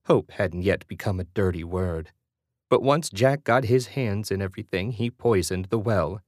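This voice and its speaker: A man narrating a horror novel aloud in a steady storytelling manner. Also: lowish voice, moderate pace, no echo, clean studio sound. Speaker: audiobook narrator. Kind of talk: scripted narration.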